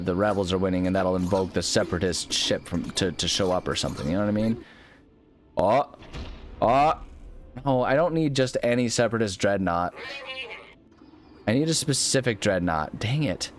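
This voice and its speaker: A young man casually commenting on a video game as he plays, thinking aloud and rambling with lots of restarts. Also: on the low side. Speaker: let's play host.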